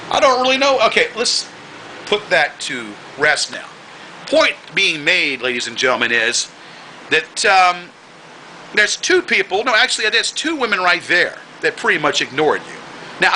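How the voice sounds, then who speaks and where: High, piercingly bright ranting man. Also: slight background noise, poor audio. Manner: combative, insulting, repeats himself and slows down for emphasis. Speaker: video blogger. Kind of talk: angry ranting monologue to the camera.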